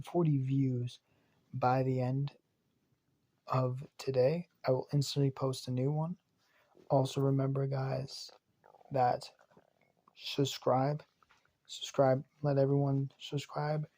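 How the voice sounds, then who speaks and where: Male storyteller, rambling improvised narration, slow, husky. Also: mid-range voice, dark tone. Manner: rambling, repeats "as" and "just says". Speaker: fan fiction storyteller.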